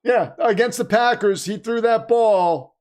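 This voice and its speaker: Man, high voice, excitable live stream host, exclaiming, reading chat, voice wearing out. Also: measured pace. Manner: animated, exclaiming, reads chat aloud. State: losing his voice. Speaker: livestream host. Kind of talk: excited live game watch-party commentary.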